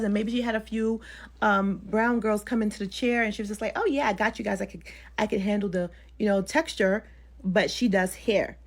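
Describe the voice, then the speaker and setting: A woman hairstylist giving her opinion in casual, rambling talking-head commentary. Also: mid-range voice. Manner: fast, talkative, rambling.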